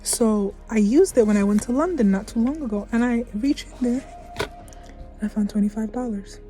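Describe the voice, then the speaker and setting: A woman's voice: on the high side, moderate pace, warm tone, soft background music. A young adult woman vlogging candidly about her life, heartfelt and rambling, often restarting her sentences. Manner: heartfelt, rambling, self-correcting. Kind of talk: candid personal vlog.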